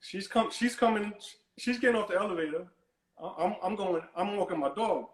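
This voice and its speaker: A man with a high-sitting voice calls in to a talk show, speaking fairly quickly in an echoey room with poor audio. He tells a long, animated story in a rambling way, repeating and restarting his words and brushing things off.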